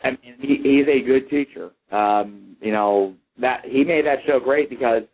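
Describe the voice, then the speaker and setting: A man's voice: medium pitch, a little slow, slightly rough. A man co-hosting a wrestling talk show, telling stories casually with lots of "like" and "um". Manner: storytelling, full of "like" and "um". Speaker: radio show co-host. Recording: tinny phone-line sound.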